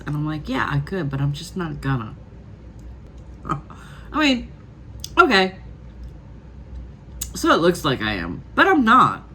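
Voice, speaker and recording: A woman's voice: sits low, a little hiss or hum. A woman vlogger defiantly retelling an argument, acting out both sides of the exchange. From Florida. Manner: defiant, animated retelling with quoted back-and-forth. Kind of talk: casual storytelling.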